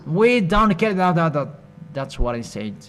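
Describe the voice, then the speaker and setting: A man preaching a sermon in a halting, repetitive, scolding way. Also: a little high, big pitch swings, a bit bright.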